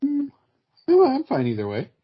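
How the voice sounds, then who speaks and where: Podcast sidekick: easygoing man, husky and animated, on a dull recording. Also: extremely high pitch. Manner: easygoing, quick to laugh along. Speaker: podcast co-host. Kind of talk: casual chat. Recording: dull muffled podcast audio.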